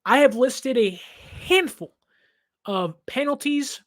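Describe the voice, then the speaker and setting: A man's voice: extremely high pitch, animated, slow pace, a bit bright. A man in his twenties hosting a sports reaction show, talking in an emphatic, impassioned way and laughing now and then. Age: 20s.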